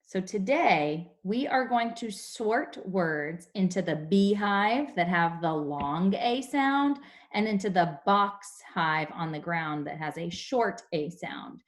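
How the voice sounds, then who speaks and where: A young woman leads a phonics lesson for small children on a video call. Her voice sits slightly low, and she explains each sound slowly and clearly, like a patient teacher. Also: animated. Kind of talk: online class phonics lesson.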